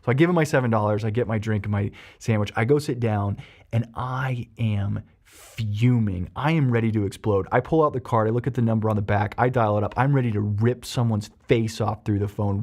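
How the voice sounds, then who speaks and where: A man's voice: lowish voice, fairly quick. Male therapist telling a story. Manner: animated storyteller, frequent ums and restarts. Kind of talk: explanatory podcast talk with personal anecdote.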